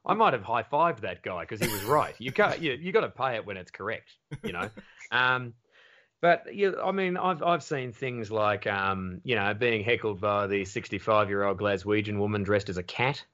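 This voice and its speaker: A man with an Australian accent, a comedian guest telling lively, sweary anecdotes in casual podcast chat. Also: lowish voice, moderate pace, highs cut off. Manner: lively anecdotes, swears freely, slips into voices.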